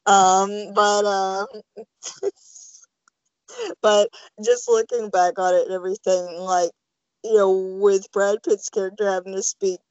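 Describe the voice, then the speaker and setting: A chatty woman rambling through a casual podcast conversation about films. Her voice sits at an ordinary middle pitch. It is recorded close and dry, with no room sound. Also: fairly even intonation, slow pace, pauses often, a little mellow, no echo, highs cut off. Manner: chatty, rambling, full of "like" and "you know". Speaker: podcast co-host. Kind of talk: casual film-discussion podcast chat.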